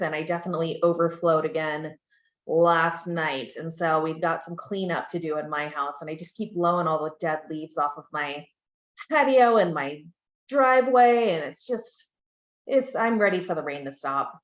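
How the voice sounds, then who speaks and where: Lower-voiced woman, dull echoey audio. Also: moderate pace. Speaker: real estate market analyst. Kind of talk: presenting market data in a webinar.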